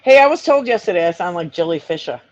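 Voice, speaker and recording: A man with a Massachusetts accent and a fairly high voice chats away, laughing easily as he talks. The sound is dull and lo-fi. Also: expressive. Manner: chatty, quick to laugh. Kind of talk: casual banter.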